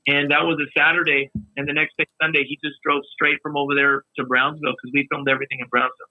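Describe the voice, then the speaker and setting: A man's voice: fairly high pitch, fast talker, no echo. Tinny phone-line male guest. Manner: relaxed, storytelling, trails off mid-sentence. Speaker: guest videographer. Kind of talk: casual chat.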